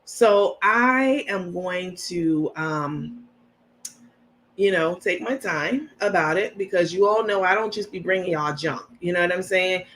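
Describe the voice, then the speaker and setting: A woman's voice: lowish voice, measured pace, a bit bright, slight background noise. Casting note: woman host, chatty and laughing, casual livestream chat. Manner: chatty, greets viewers by name, laughs often.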